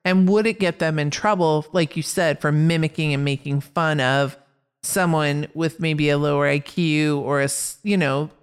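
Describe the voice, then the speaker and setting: A woman's voice: deep voice, moderate pace, smooth. A woman co-hosting a casual podcast chat, reading out film facts in an upbeat way. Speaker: podcast co-host.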